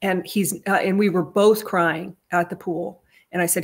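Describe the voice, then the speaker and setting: A woman with a fairly low voice tells a personal story in a casual monologue. She talks earnestly and rambles, restarting her sentences often, and her voice lifts whenever she reaches the emotional parts. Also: normal speed, hardly any pauses, breathy edge. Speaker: vlogger retelling a family story.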